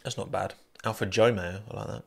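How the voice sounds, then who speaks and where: Casting: male podcast host, low-ish voice, chatty and jokey solo chat. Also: fairly even intonation, fairly quick, vocal fry, breathy edge. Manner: chatty, jokey, thanks listeners by name. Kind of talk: solo post-race chat.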